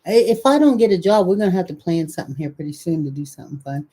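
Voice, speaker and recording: A woman's voice: on the low side, animated, fast, dark tone, breathy edge. An older woman with a Southern US accent, co-hosting a casual live chat in a playful, teasing way. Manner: playful and teasing, laughs often. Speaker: co-host of a live show.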